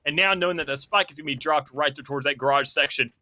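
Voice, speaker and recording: A man's voice: a little high, quick pace, pushed and bright, a little hiss or hum. A man giving live esports color commentary in long analytical run-on explanations.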